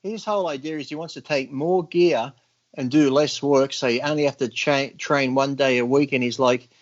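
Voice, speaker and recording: A man chatting on a podcast in a blunt, profane way, full of crude jokes and quick mocking voices. His voice sits in a middling range. The audio is a bit dull and lo-fi. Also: mid-range voice, steady tone. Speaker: podcast guest. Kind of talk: casual podcast chat.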